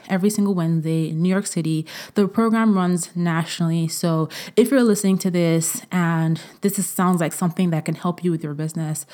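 A woman's voice: lowish voice, darkish tone. A woman in her thirties hosting a solo podcast, talking effusively and emotionally, with frequent fillers and repeated words. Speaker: podcast host.

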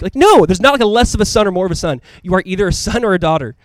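Male pastor, fairly high voice, rapid, chatty and emphatic sermon delivery, dry sound. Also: expressive, no echo. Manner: casual, conversational preaching with frequent asides.

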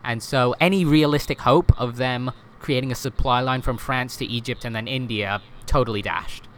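A man's voice: medium pitch, fairly even intonation, moderate pace, slight background noise. A man explaining history in a casual podcast chat, with lots of fillers, self-corrections and "right?" tag questions.

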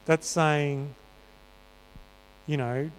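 A man's voice: fairly high pitch, fairly even intonation, extremely slow, smooth. A man preaching a sermon in a church, talking in an earnest, conversational way with many fillers. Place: church hall. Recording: reverberant church hall.

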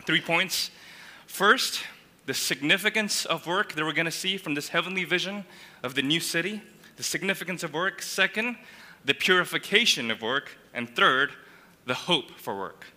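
A male pastor delivers a sermon in a bright, ringing, slightly high voice. He is earnest and restarts phrases as he builds his points. His voice carries a long reverb from a church hall. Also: expressive, normal speed. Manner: earnest, repeats words while building a point.

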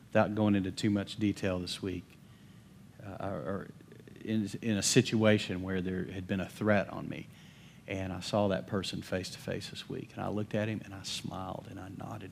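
A pastor with a low, gravelly voice preaches an emphatic sermon, swinging between bold calls and hushed asides and often asking the congregation for amens. There's a little hiss or hum in the recording.

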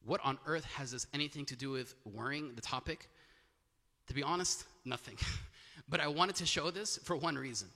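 A man's voice: a little high, normal speed, pushed and bright. Emphatic preacher man in a reverberant hall. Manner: emphatic, repeats phrases for stress. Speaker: preacher teaching scripture. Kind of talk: bible study sermon.

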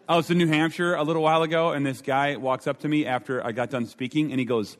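Joking young preacher in echoing chapel. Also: male voice, quick pace, few pauses. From Minnesota. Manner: joking, high-energy, audience banter. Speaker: chapel speaker. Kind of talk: comic sermon opener. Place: large chapel hall. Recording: long hall reverb.

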